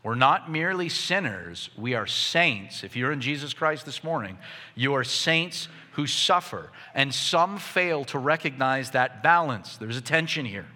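Impassioned preacher in a reverberant hall. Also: male voice, mid-range voice, expressive, unhurried. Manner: impassioned, rising to near shouts. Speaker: pastor. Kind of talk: sermon.

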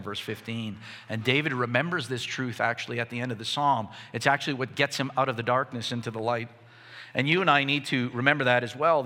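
A man preaching a sermon to his congregation, impassioned and building to near shouts. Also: mid-range voice. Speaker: pastor. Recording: long reverb of a hall.

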